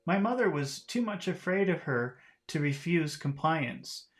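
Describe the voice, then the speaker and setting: A man's voice: a little high, animated, unhurried, fairly bright tone. A man teaching English by reading a classic novel aloud and patiently explaining its words in plain terms.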